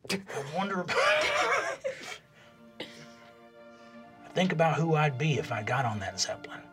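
A man voicing a laid-back older male mentor with a low, rambling, folksy drawl. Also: big pitch swings, moderate pace, over loud music. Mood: wistful.

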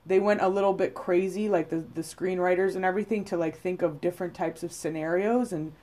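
A woman co-hosts a casual podcast, talking bluntly and often profanely, with plenty of "like" and "you know." Her voice is fairly low and steady in tone, she speaks a little fast, and there's heavy background noise.

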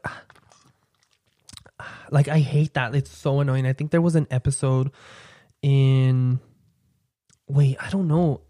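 A man's voice: no echo, studio quality. A young man hosting his own podcast, chatting casually and playfully to listeners with campy asides. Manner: drops into a low, quiet "sweetie" aside. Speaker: podcast host. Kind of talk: casual solo podcast chat.

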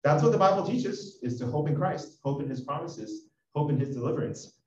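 Preacher guy, slightly high voice, dull echoey far-off recording. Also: a little fast, slight background noise. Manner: animated, emphatic scripture reading. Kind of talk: expository sermon. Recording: echoey, dull audio from a distance.

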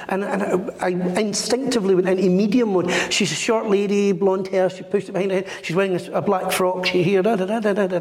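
A man's voice: high-pitched, a little mellow. A middle-aged man working as a medium, telling a story in an interview and acting out the voices of the people in it. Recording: echoey room with long reverb.

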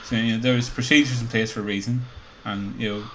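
A man in a casual panel discussion who tends to trail off quietly. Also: mid-range voice, fairly even intonation, brisk, a little hiss or hum.

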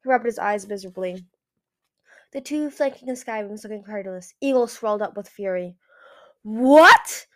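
A woman's voice: medium pitch, a little fast, a little mellow. A woman reading a fantasy novel aloud in plain narration, now and then correcting herself. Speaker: audiobook reader.

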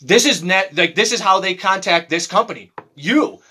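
A man with a bright, ringing voice that sits a little high, swearing freely as he tells his stories. He slips into mocking voices to act out the people in them, and he keeps the talk loose and lively. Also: normal speed, slightly rough. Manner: profane, animated storytelling with mocking voices. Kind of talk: casual chat.

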